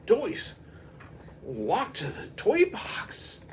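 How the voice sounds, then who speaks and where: A man voicing a boy who believes his toys obey him, speaking in a high, eager, wondering way. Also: huge pitch swings, drawn-out words, slight background noise, heavily acted.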